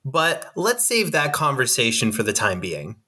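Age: adult. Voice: bright, hesitant male player. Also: medium pitch, wildly swooping pitch, normal speed, slightly rough. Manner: diplomatic, hesitant, filler-heavy. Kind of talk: tabletop role-play.

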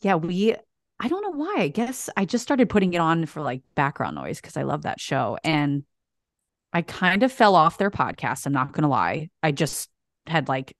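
A woman with a low voice chats as co-host on a video call, bubbly and gushing. The sound is close and dry, with no room around it. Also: big pitch swings, no room sound. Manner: bubbly and gushing, quick to laugh. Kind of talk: casual chat.

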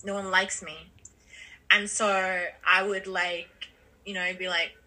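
Bright, husky woman life coach. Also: lowish voice, flat delivery, slow, low-quality recording. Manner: candid, swears freely, acts out her inner voice. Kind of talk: casual podcast chat.

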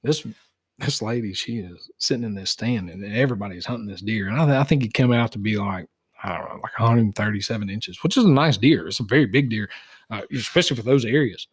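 A middle-aged man spins an animated yarn on a podcast, slipping into the voices of the people in his story. His voice sits low and sounds a little husky. The sound is close and dry, with no room around it. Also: fairly quick, no echo. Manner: animated, acts out dialogue in stories. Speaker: guest, dog tracker for wounded deer. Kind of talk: casual storytelling.

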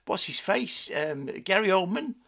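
A man co-hosting a casual film podcast, opinionated and quick to rant with exasperation. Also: high-pitched, lively intonation, creaky, a bit bright. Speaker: podcast co-host.

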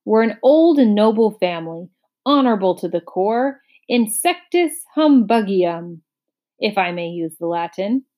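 A woman's voice: medium pitch, animated, measured pace, muffled recording, lightly acted. A woman voicing a pompous, boastful old male humbug bug in a storybook read-aloud, blustering and grandiose.

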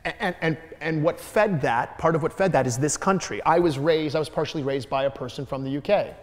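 A man from Detroit, a comedian telling stories in an onstage Q&A with lively, repetitive phrasing. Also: on the high side, brisk, long reverb tail. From Detroit, USA. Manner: lively, repeats words while building up jokes. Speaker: guest comedian in a Q&A. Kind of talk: animated onstage storytelling.

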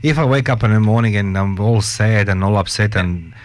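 Come in eager and a little tripping over your words, a man with a fairly low voice pushing into the conversation to ask questions. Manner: excitable, halting, quick to interject. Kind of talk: casual chat.

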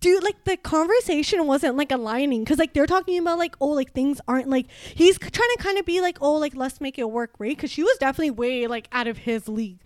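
Young woman, high-pitched, casual storytelling, fillers, swearing, dry sound. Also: animated, fast, few pauses, a little mellow, no room sound. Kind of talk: casual chat.

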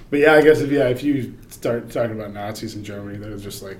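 A man in casual podcast chat, telling stories in a loose, rambling way. His delivery is wry and he drifts into low mumbles mid-thought. A faint hiss sits under the recording. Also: brisk, a little mellow. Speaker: podcast co-host.

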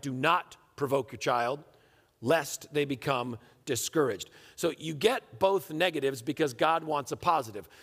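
A middle-aged man delivers a sermon from the pulpit at an average pitch. He tells stories with animation and acts out little family scenes. His voice carries a long reverb from a large hall. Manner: animated storyteller, acts out shouting dad scenes. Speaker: pastor.

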